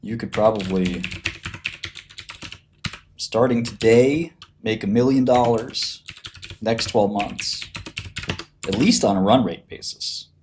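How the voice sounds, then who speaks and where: A man's voice: fairly low pitch, slow pace, long pauses, darkish tone, a little hiss or hum. A man chatting casually on a livestream, blunt and profane, laughing often and acting out what other people said. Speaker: streamer talking about business.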